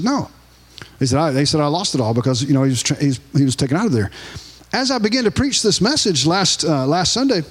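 A Louisiana man preaching a sermon in a high voice that leaps up and down. He tells stories in an animated way and circles back over his own phrases. His voice rings on in a reverberant church hall.

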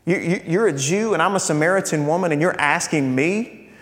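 An indignant village woman bristles and stammers in disbelief, as a man puts her on in a sermon. The voice sits a little high. It rings with a long hall echo. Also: brisk, lightly acted.

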